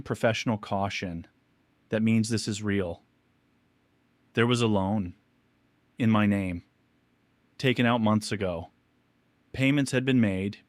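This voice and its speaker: A man with a low voice tells a first-person confession story in a measured, somber tone. The sound is dry and close, with no room around it. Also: no room sound.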